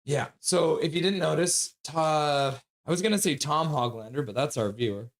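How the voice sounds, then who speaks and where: A man's voice: fairly high pitch, normal speed. A man hosting a casual live stream, reading viewer comments aloud and greeting people by name, sniffly with a runny nose. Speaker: livestream host.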